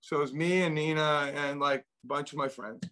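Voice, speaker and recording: Brisk and steady in tone, with a voice on the high side and fairly bright, a middle-aged venture investor recounts a lengthy personal story as a guest. He rambles, frequently restarting and repeating himself.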